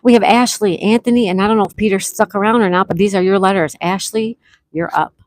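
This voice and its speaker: Woman host, chatty and friendly-paced, mid-pitched, reads chat aloud and spells letters, dry close sound. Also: fast, no echo. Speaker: livestream host. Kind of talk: casual live-stream chat.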